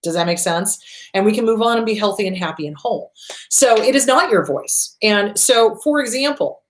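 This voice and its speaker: A therapist who hosts a show gives direct-to-camera advice in an animated, mid-range voice at normal speed. She's blunt and profane, hammering her points home through emphatic repetition.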